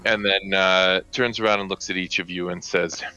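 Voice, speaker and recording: A man's voice: low voice, fairly even intonation, normal speed, sharp tone, smooth, muffled recording. A man narrating a tabletop game as game master, rambling with many fillers.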